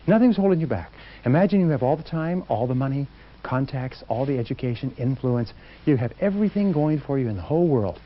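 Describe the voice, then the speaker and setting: A man's voice: mid-range voice, animated, fairly quick. A man giving an emphatic motivational seminar talk to a live audience, acting out quotes as he goes. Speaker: motivational speaker. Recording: dull lo-fi recording.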